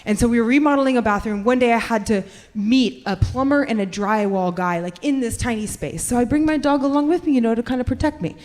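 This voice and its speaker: A woman performing a stand-up comedy set, telling brash, profane stories and shouting her punchlines. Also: on the high side, quick pace, few pauses. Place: comedy club stage in front of a live audience. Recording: live club recording with reverb and crowd noise. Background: audience laughter.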